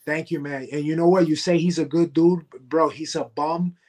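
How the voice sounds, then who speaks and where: A man with a fairly high voice sits in as a guest on a wrestling podcast. He is a heavyweight champion and talks with swagger, brushing off his rivals and boasting freely. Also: steady tone, normal speed, a little mellow. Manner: cocky trash talk. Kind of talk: podcast interview.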